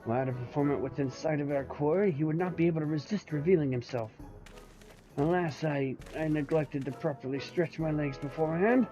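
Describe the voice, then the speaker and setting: Pompous bumbling gentleman inspector, read aloud by a male streamer, theatrical archaic delivery. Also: fairly high pitch, a little fast, lo-fi sound, faint music behind, natural voice. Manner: grandiose, old-fashioned theatrical speech. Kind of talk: reading game dialogue aloud in character.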